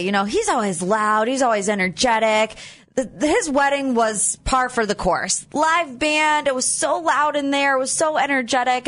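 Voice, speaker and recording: A young woman co-hosting a morning radio show, easygoing and quick to laugh. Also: high-pitched, fairly bright tone. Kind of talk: casual radio banter.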